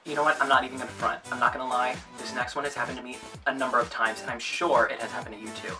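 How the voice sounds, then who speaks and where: A man's voice: mid-range voice, steady tone, racing, few pauses. A man telling a comic vlog monologue in a playful, self-mocking way. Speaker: vlogger. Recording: distant mic with music behind.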